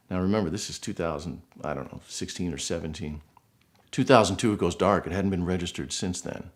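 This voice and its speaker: A middle-aged man from Buffalo, New York, earnestly telling a personal story in a casual way and acting out the people he quotes. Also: low voice. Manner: earnest, emotional, animated quotes. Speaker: guest storyteller.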